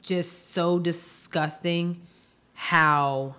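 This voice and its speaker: A woman's voice: fairly low pitch, steady tone, drawn-out words, bright, forceful tone, smooth. A woman co-hosting a podcast in casual chat, weary and exasperated, who repeats herself. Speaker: podcast co-host.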